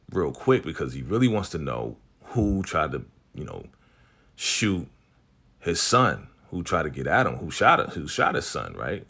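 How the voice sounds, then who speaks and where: A man's voice: low-pitched, bright, forceful tone. A man casually recapping a TV episode in slangy, laid-back talk, acting out the characters' lines as he goes. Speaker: TV recap host.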